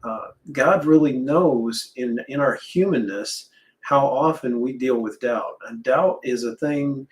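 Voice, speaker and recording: A man's voice: medium pitch, slow, low-quality recording. A man in his sixties in a casual faith talk, speaking earnestly with hesitant restarts. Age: 60s.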